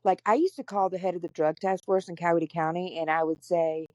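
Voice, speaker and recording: Blunt woman, low and dry. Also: fairly quick, no room sound. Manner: candid, blunt and profane, animated retelling. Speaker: podcast host. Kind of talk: casual storytelling chat.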